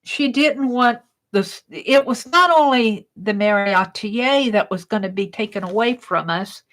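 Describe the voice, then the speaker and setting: A woman's voice: medium pitch, unhurried, fairly bright tone, poor audio. A woman hosting an art livestream, chatting casually with her viewers and telling a story while she crafts, in a rambling, giggly way.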